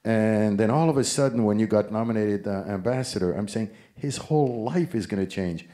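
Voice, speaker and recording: Low, mellow-voiced male interviewer. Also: a little fast. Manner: conversational, wordy questions. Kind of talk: live onstage interview.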